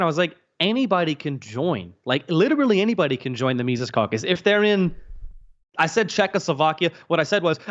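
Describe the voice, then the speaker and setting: A joking man from the US South. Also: on the high side. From Southern United States. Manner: joking, self-mocking, crude. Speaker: podcast guest. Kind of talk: casual chat. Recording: dull lo-fi audio.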